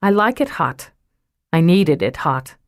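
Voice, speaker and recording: A woman's voice: low voice, big pitch swings, a little slow, dry recording, clean studio sound. A woman reading curt, testy female cop. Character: blunt, guarded female police lieutenant. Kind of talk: audiobook character reading.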